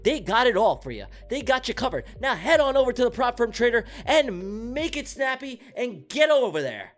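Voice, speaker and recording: A man voicing a hyped male ad announcer, loud and punchy. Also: very animated, heavily acted. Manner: loud, punchy, rapid pitch. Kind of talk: sponsor read.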